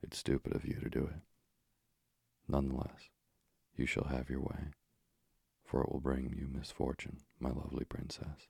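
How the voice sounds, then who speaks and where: A man voicing a hideous, scornful old sea witch in a storybook reading, with slow, gravelly menace. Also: very deep voice, completely flat delivery, dark tone, dry recording, clean studio sound, exaggerated voice. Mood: menacing.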